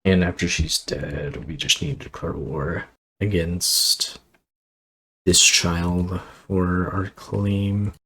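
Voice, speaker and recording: A man's voice: low voice, fairly even intonation, slow pace, sharp tone, a little hiss or hum, poor audio. A man casually commenting on his strategy game as he plays, thinking aloud and rambling with fillers and asides. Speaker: gameplay commentator.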